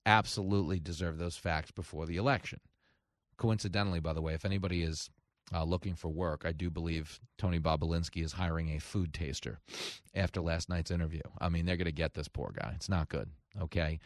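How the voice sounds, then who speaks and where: A man's voice: low-pitched, fairly even intonation, fast, darkish tone, dry recording, clean studio sound. A man hosting a talk radio show, delivering an emphatic, sarcastic monologue.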